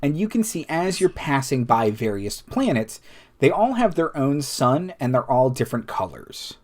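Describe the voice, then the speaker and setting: A man narrating a tabletop game as game master, halting, with many fillers and restarts. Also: medium pitch, very animated, a little mellow.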